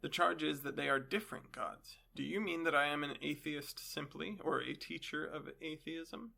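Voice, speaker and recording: A man's voice: a little high, moderate pace, gravelly, sharp tone, full character voice. A man voicing an elderly male philosopher on trial, questioning his accuser with dry irony. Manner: questioning, dryly ironic.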